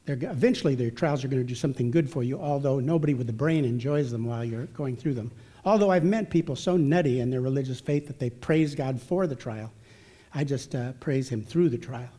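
A man with a medium-pitched voice speaks quickly at a church family event, telling a warm, funny anecdote that draws on scripture. His manner is folksy, chatty, and self-deprecating.

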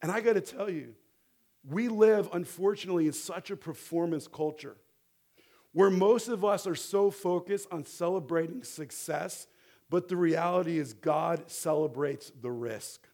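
A middle-aged man preaching a sermon as a rabbi, animated and building toward fervent exhortation, leading the congregation to repeat words back. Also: a little high, unhurried. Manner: animated, rising to near-shouting exhortation; leads the congregation in call-and-response.

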